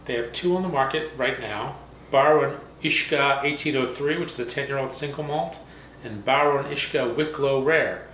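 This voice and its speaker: A man's voice: medium pitch, a bit bright. Chatty man in an echoey room. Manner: jokey, halting, reads aloud slowly. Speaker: whiskey review co-host. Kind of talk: casual tasting chat, reading product notes. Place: home room. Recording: roomy echo, faint background noise.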